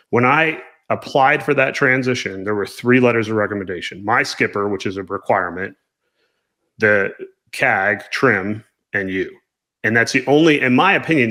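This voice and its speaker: A man in his thirties hosting an interview, earnest and halting with many restarts. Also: lowish voice, a bit bright. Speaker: podcast host interviewer. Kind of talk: casual interview chat.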